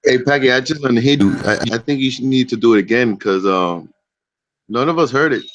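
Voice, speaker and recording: Fast-talking host teasing on a video call. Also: male voice, medium pitch, no room sound. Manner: teasing and insistent. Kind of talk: casual chat on a video call. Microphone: video call microphone. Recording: dull lo-fi call audio.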